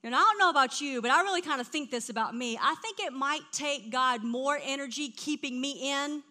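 A middle-aged woman preaching a sermon, telling stories in an animated way that drops to a hush and rises to loud outbursts. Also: high voice, a little fast. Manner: animated storytelling, swings from hushed to loud.

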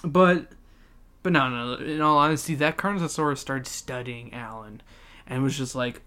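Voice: medium pitch, normal speed, pushed and bright. A podcast host giving a rambling, profane, joking book recap.

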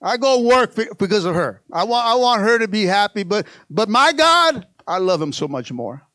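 A man's voice: high voice, sing-song, normal speed, pushed and bright, dry recording. An older man preaching a sermon to his church, calling out to the congregation and repeating phrases. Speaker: pastor.

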